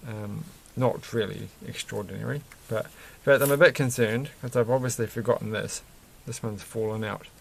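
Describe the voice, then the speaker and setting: A man's voice: fairly low pitch, steady tone, normal speed, gravelly, few pauses. A man chatting casually and rambling while he builds a toy set, chuckling often and breaking off mid-sentence. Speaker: vlogger building Lego sets.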